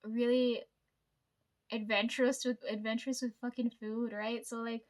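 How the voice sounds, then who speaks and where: A woman's voice: a little high, little pitch movement, moderate pace, a little mellow. A woman chatting casually, telling work stories with lots of fillers, swearing and laughs. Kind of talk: casual storytime chat.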